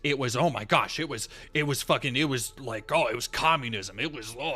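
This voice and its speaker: A man's voice: mid-range voice, fairly quick, hardly any pauses, bright, forceful tone, slightly rough. A young man chatting on a live stream in a rambling, profane, jokey way, often restarting his sentences. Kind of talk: casual live-stream chat.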